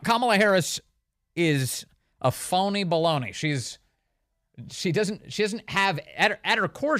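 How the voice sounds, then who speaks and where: A man's voice: high-pitched, sharp tone. A man hosting a talk radio show, speaking emphatically and mocking opponents with quoted voices.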